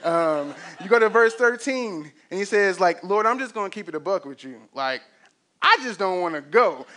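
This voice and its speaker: Young male pastor, high bright voice, animated storytelling sermon. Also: moderate pace. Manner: animated storytelling with acted quotes and laughs.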